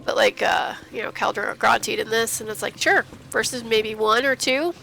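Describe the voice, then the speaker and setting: A woman's voice: a little high, moderate pace, gravelly, sharp tone. A woman streaming a game, chatting casually and giddily, often laughing at herself. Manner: giddy, chatty, self-mocking, laughs often. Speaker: gaming streamer. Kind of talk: casual commentary while playing.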